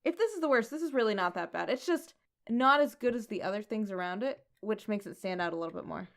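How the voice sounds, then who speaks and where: A woman co-hosting a comics podcast, calm and even-handed, raising quizzical questions. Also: medium pitch, fast talker. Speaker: podcast co-host. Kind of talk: casual comics recap chat.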